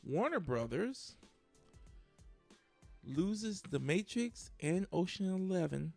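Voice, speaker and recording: A man co-hosting a podcast, reading entertainment headlines in a casual, halting way with many fillers. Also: high voice, lively intonation, creaky, a little mellow, soft background music. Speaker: podcast co-host. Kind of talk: casual news chat.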